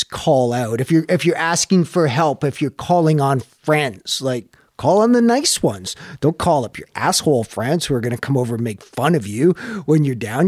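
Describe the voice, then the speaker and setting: A man's voice: fairly high pitch, dry recording, studio quality. A man in casual conversation, talking in a reflective, searching way and swearing now and then. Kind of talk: casual chat.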